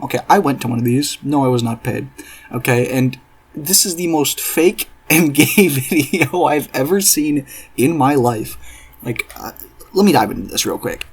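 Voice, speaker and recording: A man's voice: mid-range voice, husky. A man doing reaction commentary in a profane, sarcastic, exasperated rant. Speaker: commentary YouTuber.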